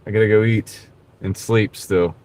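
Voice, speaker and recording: A man's voice: fairly low pitch, steady tone, moderate pace, darkish tone. A man hosting a live stream from his car while gig driving. He chats casually with viewers in a laid-back, rambling way and often says "dude". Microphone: wireless clip-on mic.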